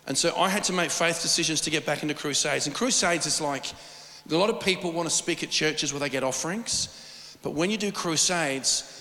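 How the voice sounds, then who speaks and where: A man preaching a sermon, telling stories in an animated, rambling way with lots of restarts. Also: on the high side. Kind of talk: sermon with storytelling. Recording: long reverb of a large hall.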